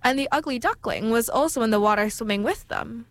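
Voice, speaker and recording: A woman reading a storybook aloud in a measured, expressive way. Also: a little high, no echo.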